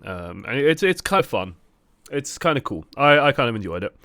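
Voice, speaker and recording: A man streaming and chatting casually about a game, animated and full of "like" fillers. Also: mid-range voice, moderate pace. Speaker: gaming streamer. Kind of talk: casual gaming chat.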